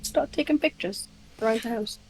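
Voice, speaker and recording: A woman's voice: on the high side, moderate pace, slight background noise, rough recording. A woman playing a tabletop horror game, easygoing and self-deprecating. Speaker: player. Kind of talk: casual play at a game table. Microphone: home streaming mic.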